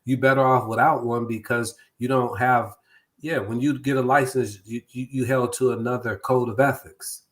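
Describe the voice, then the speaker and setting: A middle-aged man, a guest real estate broker, explaining things in a relaxed conversational way, often repeating words as he goes. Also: mid-range voice, moderate pace. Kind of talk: casual talk-show chat.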